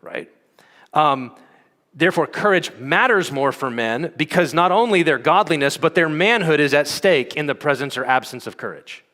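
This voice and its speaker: A man's voice: on the high side, animated, moderate pace, sharp tone. A man giving a conference teaching talk in a conversational way, with frequent fillers and "okay?" check-ins to the audience. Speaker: conference speaker. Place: conference hall. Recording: long hall reverb.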